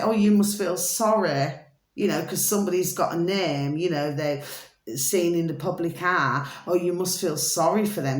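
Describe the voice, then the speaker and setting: A woman vlogging in casual commentary, emphatic and constantly asking her viewers whether they see her point. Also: lowish voice. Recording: roomy echo.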